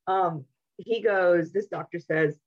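Husky-voiced woman telling her story. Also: lowish voice, takes it slowly, lo-fi sound. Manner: candid, animated, with many self-interruptions. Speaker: podcast guest. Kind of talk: conversational personal storytelling.

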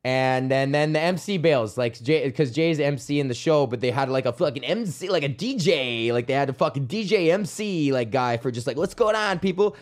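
A man's voice: mid-range voice, brisk, few pauses. Rambling, profane young man telling stories. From Canada. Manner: rambling, profane, laughing storyteller. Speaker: podcast host. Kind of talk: casual monologue.

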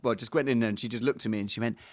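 A man's voice: medium pitch, fairly even intonation, very fast, no echo. An English man in his thirties chatting casually as a podcast co-host, rambling with fillers. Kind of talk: casual chat.

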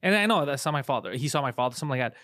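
A man with a Montreal Park Extension accent, telling stories fast in a casual podcast chat, swearing and laughing often. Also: medium pitch, lively intonation, bright, forceful tone, no room sound, studio quality. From Montreal, Canada. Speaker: comedian guest.

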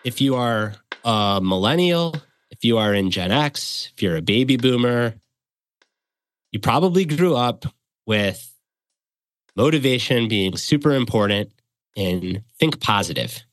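A man's voice: medium pitch, expressive, unhurried, dry recording. Dry, close-miked man explaining earnestly. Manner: earnest, coaching tone with practical examples. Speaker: guest expert. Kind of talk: conversational explanation.

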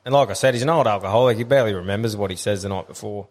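Crude bloke telling a yarn. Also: male voice, on the low side, rapid-fire, a little mellow, long reverb tail. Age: young adult. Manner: crude, storytelling, swears often, laughs a lot. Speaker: podcast co-host. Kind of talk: casual podcast banter.

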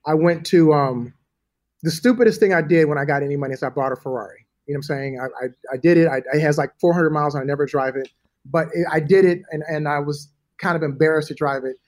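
A middle-aged man telling a story in a casual interview, animated and profane, acting out the people in it. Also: fairly high pitch, fast talker. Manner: animated, profane, acts out voices in anecdotes. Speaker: guest.

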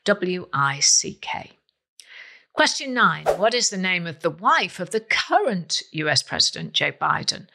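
A woman presenting a quiz show in a bright, rather low voice with a gravelly edge. She reads her script playfully, and her pitch swoops and climbs with emphasis. Soft music sits faintly underneath. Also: a little slow. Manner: playful, emphatic, lively delivery. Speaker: quiz host.

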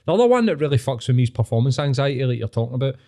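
A man's voice: mid-range voice, big pitch swings, racing, warm tone. A Scottish man co-hosting a podcast, chatting casually, swearing and reflecting, calling his friend mate. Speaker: podcast co-host.

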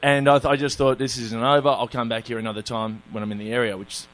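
A man's voice: medium pitch, little pitch movement, fast talker. A man with an Australian accent, telling a long funny story in casual chat, often laughing at his own tale. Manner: laid-back, laughing, self-mocking anecdotes. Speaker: comedian guest telling a story.

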